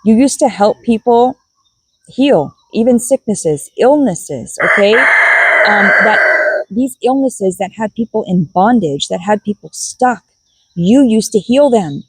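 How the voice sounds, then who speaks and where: A woman's voice: mid-range voice, expressive, slow pace, rough recording. A woman giving a spiritual card reading to her viewers, musing aloud and repeating key words as she goes. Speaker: tarot and oracle card reader.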